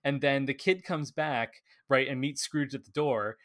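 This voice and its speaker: A man's voice: mid-range voice, moderate pace. Man animatedly retelling movie scenes. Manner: animated retelling with acted-out quotes. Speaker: film podcast co-host. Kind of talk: casual chat.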